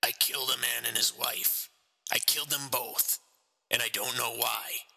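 A man voicing a large, hoarse-voiced killer who confesses calmly without a waver. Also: unhurried, long reverb tail, full character voice, low-quality recording. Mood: cold. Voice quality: hoarse, low, flat.

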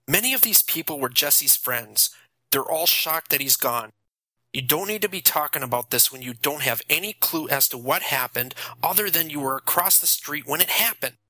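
A man's voice: fairly high pitch, animated, moderate pace, pushed and bright, no echo, full character voice. A man doing a firm, defiant teenage boy. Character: earnest teenage boy standing up to a bully.

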